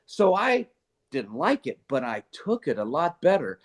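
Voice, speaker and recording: An older man with a fairly high-pitched voice talks in a relaxed conversational way. He is a retired police chief who tells earnest personal stories, laughing easily and often stopping to restart a sentence. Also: measured pace. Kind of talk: casual conversational storytelling.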